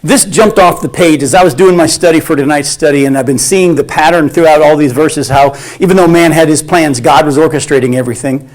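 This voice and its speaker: Animated high-voiced male preacher. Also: brisk, hardly any pauses. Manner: animated, acts out quoted voices. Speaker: Bible study teacher. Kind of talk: sermon.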